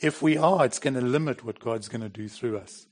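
A man's voice: mid-range voice, a little fast, a little mellow. A middle-aged man preaching a sermon in a plain, conversational way, with bursts of emphasis. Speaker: pastor.

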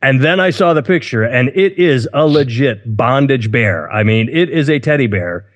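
With an animated mid-range voice at a moderate pace, a man co-hosts a casual podcast chat. He's outspoken and rambling, cutting himself off and restarting often. A long room reverb colors the recording.

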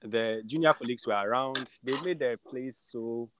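A man's voice: medium pitch, normal speed, a bit bright. Young guy doctor, stammery storytelling, noisy background. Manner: stumbling, repeats words, chuckles. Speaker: doctor guest. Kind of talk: casual storytelling. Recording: noticeable background noise.

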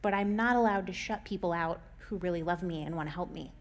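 Chatty woman giving warm-hearted advice. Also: on the low side, quick pace. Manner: conversational, laughs often, acts out quotes. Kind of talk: casual advice talk.

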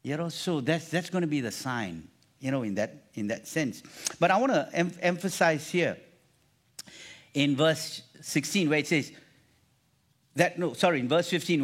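A man's voice: medium pitch, moderate pace. A man preaching a sermon to a congregation, reading scripture and restarting phrases, often calling for the crowd to repeat after him. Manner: animated, repeats phrases, calls for congregation response. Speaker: pastor.

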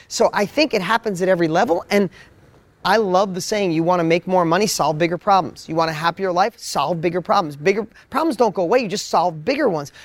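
A man telling his story on a motivational panel, energetic and full of repeated words. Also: high voice. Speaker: business coach.

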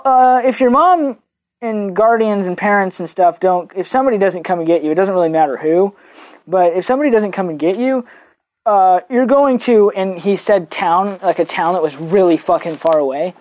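A young podcast host tells a personal story in a medium-pitched voice, casual and animated. She swears and does different voices for the people she quotes.

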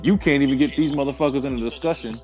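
A man's voice: mid-range voice, rapid-fire, darkish tone, soft background music. A man hosting a podcast, chatting casually with a loose, profane, laid-back manner and a Southern US accent. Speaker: podcast host.

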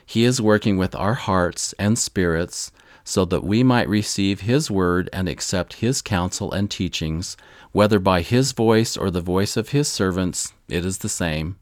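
A man giving a measured, earnest devotional talk with scripted storytelling. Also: sits low, no echo, clean studio sound. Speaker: religious speaker.

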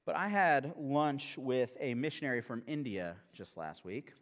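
A man's voice: medium pitch, very animated, measured pace. A male pastor preaching a sermon in a humorous, conversational way that turns earnest. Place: church sanctuary. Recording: long reverb of a large hall.

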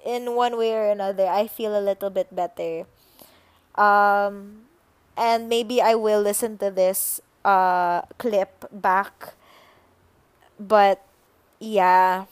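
A young woman hosting a solo podcast, musing unhurriedly with pauses and fillers. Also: mid-range voice, clear, resonant tone, no room sound. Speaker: podcast host. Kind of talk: reflective solo podcast talk.

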